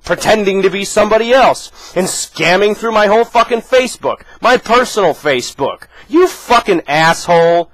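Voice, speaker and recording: Man, high-pitched, furious, profane, confrontational, dry, vlog rant. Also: lively intonation, a little fast, few pauses, a bit bright, dry recording, rough recording. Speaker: vlogger. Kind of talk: angry rant to camera.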